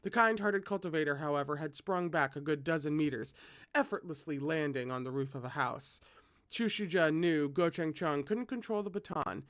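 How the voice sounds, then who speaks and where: A host reads a novel aloud with expressive delivery and drops in chatty asides. The voice sits at a middling pitch and sounds close and dry. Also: moderate pace, dry recording. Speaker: read-aloud reader.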